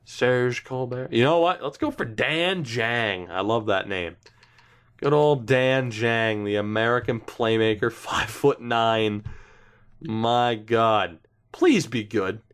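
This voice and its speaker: A young man in casual gameplay commentary, talking to himself as he weighs choices. He sounds indecisive and mutters, with the odd swear. His voice sits at an ordinary mid pitch. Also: slow, fairly bright tone, clean tone. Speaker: gaming YouTuber.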